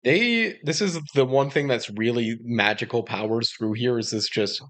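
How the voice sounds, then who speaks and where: A man's voice: medium pitch, moderate pace, a bit bright. A young man co-hosting a podcast, giving easygoing, wry commentary on a movie. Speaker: podcast co-host. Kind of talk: casual movie discussion.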